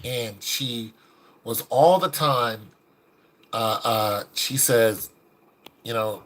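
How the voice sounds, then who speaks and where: A man's voice: medium pitch, slow pace. A man giving casual, preachy commentary, acting out the people in the stories he tells. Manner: animated, preachy, acts out quoted people. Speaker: video commentator.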